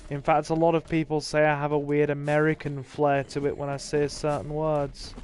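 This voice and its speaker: A man's voice: fairly high pitch, completely flat delivery, normal speed, a little mellow, smooth. A man, casually commentating a livestreamed game with dry, self-deprecating remarks to his chat, dry-mouthed from thirst. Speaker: gaming streamer.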